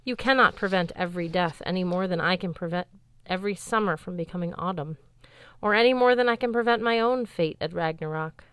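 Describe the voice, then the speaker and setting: A woman voicing a calm, gentle male god speaking formally to his son. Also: lowish voice, smooth, no room sound, clean studio sound, natural voice. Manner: solemn, measured, formal.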